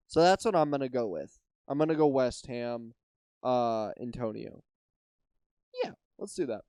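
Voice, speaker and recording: A man's voice: a little high, a little mellow, clean tone, no room sound, studio quality. A young American man hosting a casual solo podcast, swearing freely, trailing off and restarting, tired and yawning. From United States. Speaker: podcast host.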